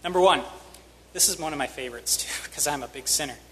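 Male preacher, sermon, bright tone, slightly high voice, long church-hall reverb. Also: fast talker, slight background noise. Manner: candid, self-deprecating, rising to emphatic stresses.

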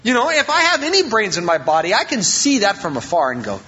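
Male pastor, casual humorous sermon delivery; high bright voice on a muffled lo-fi recording. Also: quick pace. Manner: animated and joking, acting out quoted voices. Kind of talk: informal sermon.

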